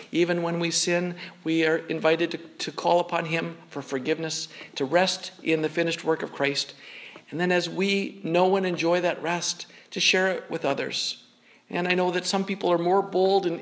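High-voiced man preaching a sermon. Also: fairly bright tone. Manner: earnest, conversational preaching with frequent word repeats. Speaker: pastor.

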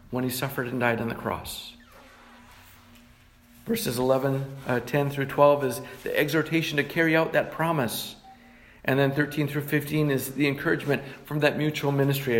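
A middle-aged man, a pastor, preaching a sermon and reading scripture passages in a plain teaching tone. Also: medium pitch.

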